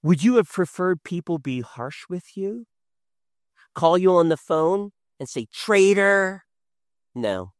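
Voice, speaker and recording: Animated male preacher, lively pitch. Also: a little slow, dry recording, clean studio sound. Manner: animated preaching, swinging from loud to hushed. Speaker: pastor. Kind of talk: sermon.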